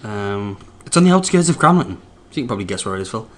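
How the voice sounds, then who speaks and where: A man's voice: on the low side, big pitch swings, fast, fairly bright tone. A man, a podcast co-host telling a rambling story with frequent restarts. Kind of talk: casual anecdote telling.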